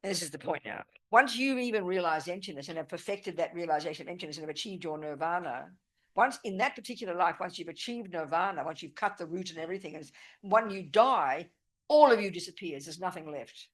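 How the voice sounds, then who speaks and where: A woman's voice: fairly low pitch, expressive, fairly quick. A woman giving a live Buddhist teaching at a retreat. She speaks emphatically and often stops to ask whether the listeners understand. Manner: emphatic and forthright, often checking "do you understand?". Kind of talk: live dharma teaching with questions and answers. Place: meditation center teaching room.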